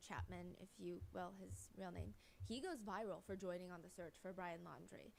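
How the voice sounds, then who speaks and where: A woman's voice: fairly low pitch, normal speed, creaky, darkish tone, a little hiss or hum. A woman narrating a commentary video, reading a prepared script in a sarcastic, blunt way.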